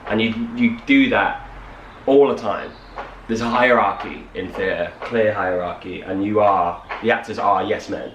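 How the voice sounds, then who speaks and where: A young man co-hosting a casual morning chat speaks at normal speed in a lowish voice, rambling and acting out little quotes with animation. The recording sounds roomy, with a distant mic and faint hiss.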